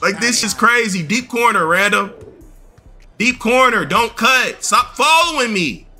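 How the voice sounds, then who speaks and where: Bossy trash-talking man, very bright voice. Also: high-pitched, lively intonation, unhurried. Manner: bossy, berating, repeats insults. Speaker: gaming video host. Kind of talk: scripted trash-talk over game chat.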